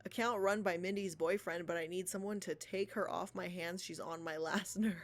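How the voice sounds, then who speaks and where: A woman's voice: on the low side, fairly even intonation, moderate pace, soft background music. A woman livestreamer reading profiles aloud and reacting in casual commentary, sarcastic and swearing, laughing often. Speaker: art livestreamer.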